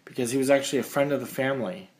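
A man's voice: mid-range voice, very fast, darkish tone. A man telling stories in casual podcast chat, rambling and making jokey asides. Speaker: podcast guest.

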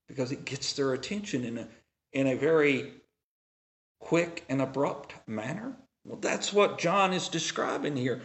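Slow, lively-voiced male preacher. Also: a little high. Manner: slow, deliberate preaching with dramatic pauses and swings in loudness; reads scripture aloud in a raised, declaiming voice. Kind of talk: sermon.

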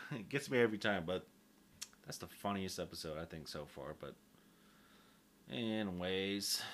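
A man's voice: low voice, expressive, normal speed, long pauses, a bit bright, a little hiss or hum. A man, rambling through a casual solo monologue, crude and joking, swearing freely and poking fun at himself.

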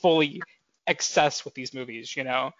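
A man's voice: mid-range voice, normal speed, a bit bright, dry recording. A man in his twenties co-hosting a podcast in casual chat, rambling with lots of fillers and self-corrections. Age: 20s. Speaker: podcast co-host. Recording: dull, dry podcast mic audio.

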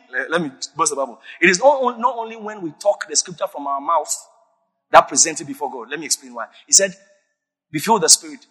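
A man preaching a sermon as a pastor, emphatic and breaking into sudden shouts. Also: on the high side, breathy edge. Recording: long reverb of a large hall.

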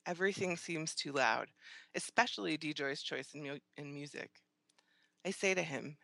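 A woman's voice: low voice, normal speed, creaky, fairly bright tone, dry recording. A woman narrating a first-person audiobook in an acerbic, scornful, theatrical manner.

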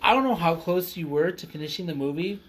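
A man's voice: fairly high pitch, expressive, fast talker, slight background noise. A man co-hosting a casual podcast, ranting heatedly and swearing often. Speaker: podcast co-host.

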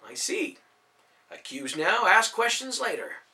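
A man voicing a calm, bold young male hero in an audiobook, wry with a villain and kindly toward children. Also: high voice, measured pace, voice pushed up, full character voice.

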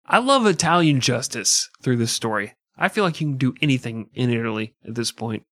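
A man's voice: mid-range voice, animated, normal speed, fairly bright tone, dry recording. Dry-sounding sarcastic male podcast host. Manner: sarcastic, jokey asides between narration. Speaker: podcast host narrating history. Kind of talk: casual comedic history podcast chat.

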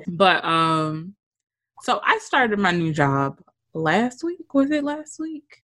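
A woman chatting casually as a co-host, telling a work story. Her voice rises and falls widely as she acts out quotes and swears freely. She sits at a middle pitch for a woman. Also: very animated, takes it slowly, sharp tone. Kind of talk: casual chat.

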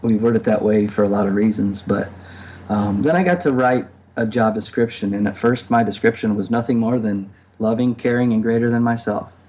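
A man's voice: lowish voice, fairly even intonation, brisk, a little mellow. Reflective man telling his spiritual journey. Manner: reflective, many fillers and restarts. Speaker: podcast guest. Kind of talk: casual conversation.

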